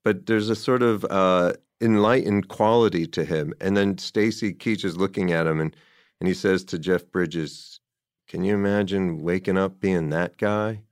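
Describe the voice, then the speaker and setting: A man's voice: low-pitched, fairly even intonation, moderate pace, no echo, studio quality. A man in casual conversation, rambling with enthusiasm about a film and quoting its dialogue along the way.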